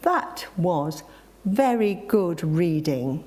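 A woman's voice: on the low side, big pitch swings, slow, warm tone, full character voice. A woman reading out the lines of a small boy in a story, childlike and insistent. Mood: proud, bossy. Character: small boy, proud and bossy.

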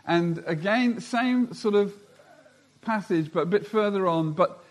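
A man preaching a sermon, who talks slowly and deliberately and reads scripture aloud. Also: high-pitched.

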